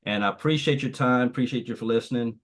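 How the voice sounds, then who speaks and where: Guy preaching about consistency on a video call, repeats himself a lot, middle pitch. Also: fast. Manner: preachy, repeats phrases, tells a parable. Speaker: guest trainer. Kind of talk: motivational training talk.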